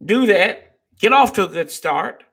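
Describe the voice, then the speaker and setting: A man's voice: high voice, lively intonation, a little slow, gravelly, a bit bright, breathy edge. A man hosting a sports fan show, ranting with fired-up, profane energy and talking to viewers as y'all. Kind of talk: live-stream rant.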